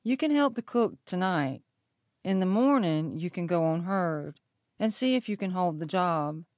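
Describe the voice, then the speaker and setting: A woman's voice: on the low side, measured pace, no room sound, close to an everyday voice. A woman reading an audiobook, voicing a blunt male trail boss who asks short, curt questions. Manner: terse, questioning.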